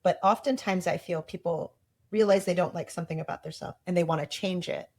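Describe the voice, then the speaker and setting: In a casual podcast conversation, a woman with a fairly low voice speaks briskly and a little mellowly. Her tone is reflective, and she slips into small quoted inner voices to make her point.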